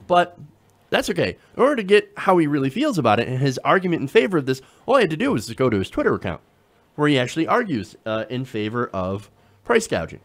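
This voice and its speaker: Animated sarcastic male political commentator. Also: fairly high pitch, fairly quick. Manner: conversational, sarcastic, with frequent fillers and laughs.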